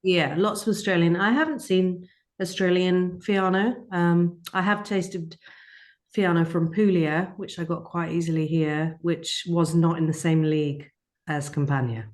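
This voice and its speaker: A woman from Italy with a somewhat low voice answers in short, plain replies during an online wine class. She is matter-of-fact and to the point. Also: steady tone, unhurried. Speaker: class participant. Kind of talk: casual chat.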